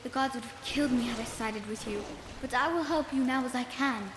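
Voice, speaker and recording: A woman's voice: high voice, fairly quick, noisy background, natural voice. A woman voicing a young boy emperor with a forced British accent. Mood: urgent. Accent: put-on British-sounding accent. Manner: formal, urgent, pleading. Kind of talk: video game voice acting. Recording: roomy game audio with loud music.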